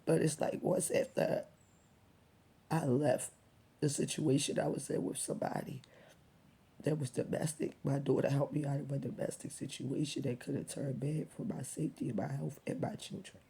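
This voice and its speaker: A woman talks to her subscribers in a hushed, halting way, her voice rough and gravelly with a heavy, breathy huskiness. She sounds close to tears, pausing often and slipping into near-whispers. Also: deep voice. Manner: soft, halting, often near a whisper, with many pauses and ums. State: holding back tears. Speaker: vlogger speaking to her subscribers. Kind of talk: emotional personal storytelling.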